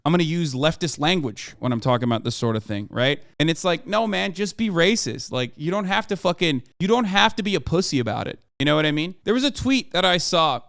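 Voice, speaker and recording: High-voiced man in a profane rant. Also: lively intonation, fairly quick, creaky, few pauses, fairly bright tone, no echo, clean studio sound. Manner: profane, heated ranting. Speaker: streamer. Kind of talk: livestream commentary rant.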